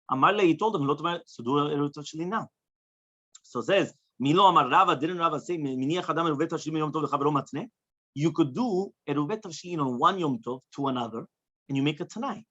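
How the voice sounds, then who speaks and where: Fast-talking rabbi giving a Talmud class. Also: male voice, on the high side, a bit bright. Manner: translates phrase by phrase, checks in with "right?". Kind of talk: Talmud study lecture. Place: class with students present. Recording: dull lo-fi recording.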